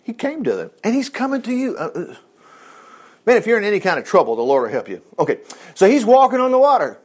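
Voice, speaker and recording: A man's voice: high-pitched, wildly swooping pitch, quick pace. A man preaching an informal sermon in a folksy, conversational way, acting out voices as he teaches. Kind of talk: informal sermon on Bible passages.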